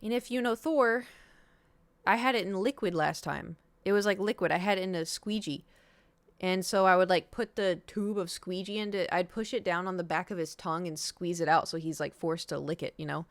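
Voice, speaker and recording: In a dry recording, a young streamer with a low-leaning voice talks fairly quickly through a drawn-out story. She voices the other people's lines herself and curses now and then as she chats.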